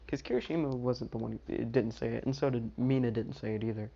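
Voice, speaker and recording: A man's voice: medium pitch, fairly even intonation, fast, creaky, mellow. A young man spins a fan-made story in a loose, rambling way, circling back and restarting as he goes. His voice sits in an ordinary middle register, and the dull, lo-fi recording carries a faint hiss of the room behind him. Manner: rambling, lots of fillers and restarts. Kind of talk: casual fan-fiction storytelling.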